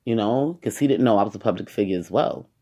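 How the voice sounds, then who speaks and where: A woman's voice: a bass voice, animated, fast, warm tone. A woman with a New York accent, an activist giving a casual, rambling podcast monologue and often saying "you know".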